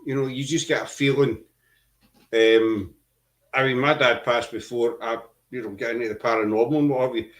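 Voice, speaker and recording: A man's voice: mid-range voice, steady tone. Man telling an earnest story. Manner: earnest storytelling, halting with fillers. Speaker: podcast host. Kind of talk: casual chat. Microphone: video call.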